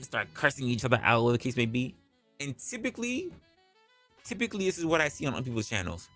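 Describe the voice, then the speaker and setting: A man's voice: mid-range voice, fairly bright tone. A man hosting a livestream, talking bluntly and casually with plenty of profanity. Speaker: livestream host.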